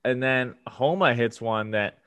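A man co-hosting a casual sports podcast, easygoing and given to drawn-out retelling. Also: medium pitch, a bit bright, clear, resonant tone. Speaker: podcast co-host. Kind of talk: casual chat.

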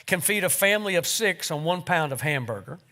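A man's voice: a little high, animated, fairly quick, bright, forceful tone. A man voicing the Lord, a patient male creator proud of his work, as part of a read-aloud story in a sermon. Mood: proud, fond.

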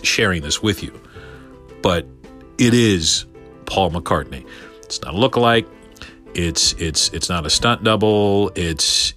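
Deep-voiced excitable middle-aged man. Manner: animated, excitable, stammering restarts. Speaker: podcast guest telling a story. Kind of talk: casual storytelling.

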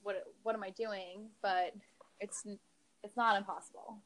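Young woman, mid-pitch, conversational podcast guest who laughs a lot and talks with fillers and restarts. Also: steady tone, a little slow, poor audio. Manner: laughs often, warm storytelling with fillers. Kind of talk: casual chat.

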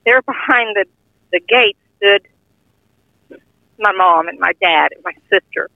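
A woman's voice: mid-range voice, unhurried, gravelly, sharp tone, no echo. An older woman earnestly telling a heartfelt personal testimony in plain, informal speech. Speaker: guest sharing a testimony. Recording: tinny phone-line audio, dry.

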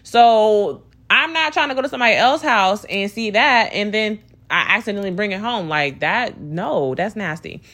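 A woman's voice: medium pitch, lively intonation, normal speed, few pauses, fairly bright tone. A young woman telling a dating story as a casual storytime rant, swearing freely and sounding exasperated, with lots of "like" and "you know".

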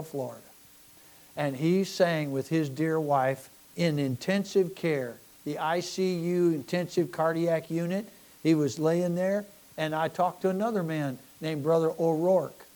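Folksy rambling preacher, mellow-voiced man. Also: fairly high pitch, a little slow. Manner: rambling, self-deprecating, repeats words, swings from quiet to loud. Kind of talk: folksy sermon.

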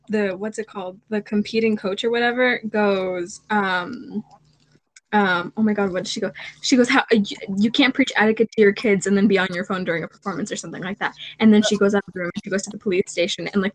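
A woman's voice: mid-range voice, rough recording. Chatty young woman, faint hiss behind. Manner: rambling, animated retelling with restarts. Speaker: podcast co-host. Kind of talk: casual chat. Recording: faint background noise.

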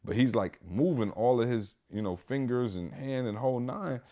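A man hosting a podcast, telling a story in a casual, animated way, emphatic and full of "like" and "y'all". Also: medium pitch, normal speed. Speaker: podcast host.

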